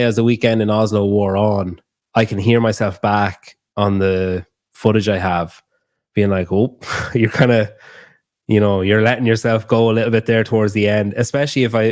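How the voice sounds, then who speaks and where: A man's voice: on the low side, fairly even intonation, normal speed, a little mellow, no echo, clean studio sound. A young Irish man chatting casually, rambling and swearing freely, laughing often. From Ireland. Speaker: guest. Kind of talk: casual chat.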